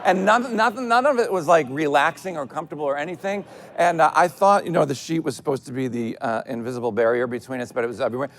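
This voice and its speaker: A man co-hosting a live podcast from a theater stage. He tells his stories in an animated, chatty way, laughing along as he goes. His speaking voice sits a little above the usual male range. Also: a little high, fast, hardly any pauses, a little hiss or hum. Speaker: podcast co-host. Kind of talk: comic storytelling on a live stage show.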